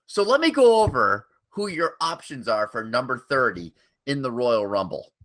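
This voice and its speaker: Sarcastic man, animated podcast chat. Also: medium pitch, moderate pace. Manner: sarcastic, swears freely. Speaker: podcast co-host. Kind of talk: casual chat.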